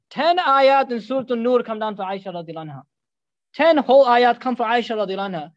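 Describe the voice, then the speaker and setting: Fast high-voiced man telling a sermon story. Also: dry recording, muffled recording. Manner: animated retelling with joking asides to the audience. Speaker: preacher.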